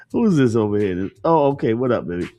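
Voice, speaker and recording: A man's voice: medium pitch, mellow. Laughing, profane male stream host. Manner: joking, laughs often, profane slang. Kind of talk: casual livestream chat.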